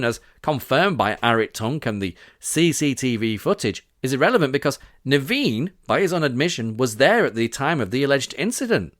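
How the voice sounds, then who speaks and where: A man's voice: mid-range voice, a bit bright, no echo, clean studio sound. A man from Britain hosting a scripted podcast, reading out witness quotes with sarcastic, indignant asides. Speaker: podcast host.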